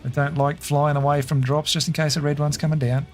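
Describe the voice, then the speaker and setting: A man's voice: on the high side, level tone, fairly quick, faint music behind. A man casually commentating a game live, chatty and laughing easily while reading his chat. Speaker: game streamer.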